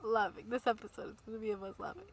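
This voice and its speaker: A woman's voice: a little high, steady tone, fast talker. A woman co-hosting a podcast in casual chat, laughing often as she tries to keep the conversation on track. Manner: laughing while trying to keep the show on track. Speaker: podcast co-host.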